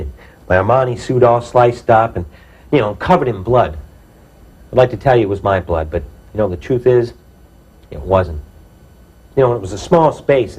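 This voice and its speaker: A man's voice: mid-range voice, darkish tone, rough recording. A man telling his own true story to an audience, plain-spoken and reflective, often saying "you know".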